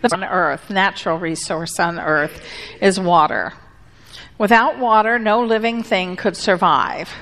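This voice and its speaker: A woman pastor giving a sermon in a deliberate, conversational way. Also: mid-range voice, fairly bright tone, big-room sound.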